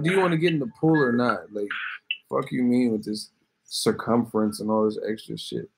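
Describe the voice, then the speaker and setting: A man's voice: mid-range voice, measured pace, gravelly, long pauses, rough recording. Man, livestream host, profane jokey rambling, music playing behind. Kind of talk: late-night livestream chat.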